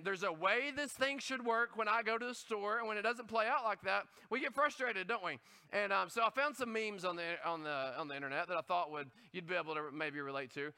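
Male pastor, conversational sermon, high voice, smooth clear tone. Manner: animated, conversational, asks the audience questions.

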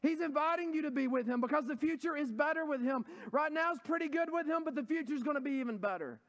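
A man preaching a sermon as pastor, telling stories with rising, animated emphasis. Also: very high voice, fast talker. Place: church hall.

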